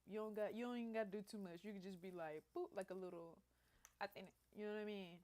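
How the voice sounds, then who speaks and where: A woman's voice: mid-range voice, fairly even intonation, very fast, darkish tone. A young woman hosting a casual livestream, talking loosely and directly to her viewers with lots of slang and asides. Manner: loose, chatty, slangy, addresses viewers as y'all. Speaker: livestream host.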